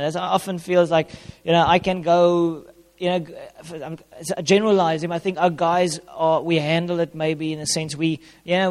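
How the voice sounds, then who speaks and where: A man giving an informal sermon on marriage as a pastor, conversational and plain-spoken, repeating key phrases. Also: a little high. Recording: long hall reverb.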